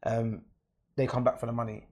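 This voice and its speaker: Briskly and in a level tone, a man with a London accent recounts his own experience as a guest in an interview. His mid-range voice is a little mellow and his manner matter-of-fact.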